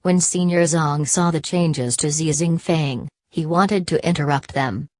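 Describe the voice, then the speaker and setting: A woman narrating an audiobook in a steady, even reading manner. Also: low-pitched, unhurried, no room sound. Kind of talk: scripted narration.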